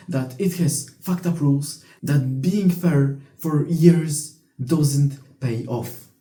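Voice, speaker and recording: Young man, blunt profane rant, very dark voice, echoey room. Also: on the high side, slow pace, hardly any pauses, faint music behind. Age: young adult. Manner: blunt, profane, frequent restarts. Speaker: vlogger. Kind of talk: casual storytelling rant.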